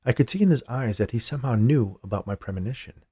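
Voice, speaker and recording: A man narrating a story in the first person, in a steady, measured way. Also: mid-range voice, husky, dry recording, clean studio sound.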